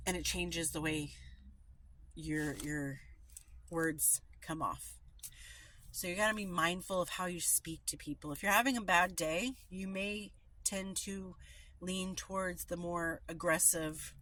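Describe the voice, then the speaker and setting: A woman's voice: fairly low pitch, unhurried, sharp tone. A middle-aged woman reading a daily recovery meditation aloud, then reflecting in an earnest, informal way with fillers. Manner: earnest, informal, with fillers in her own remarks. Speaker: recovery meeting reader.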